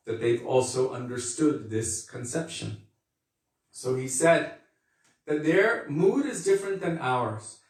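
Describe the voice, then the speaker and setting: A man giving a devotional lecture as a spiritual teacher, earnest and unhurried, repeating key phrases for emphasis. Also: on the high side. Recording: echoey and distant from the mic.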